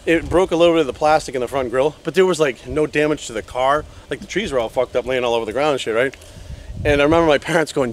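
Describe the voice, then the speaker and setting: A man in his forties telling a wild story by a road, animated and swearing freely. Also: medium pitch, fast talker, slight background noise. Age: 40s. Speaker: vlogger. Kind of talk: casual storytelling vlog. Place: outdoors by a road.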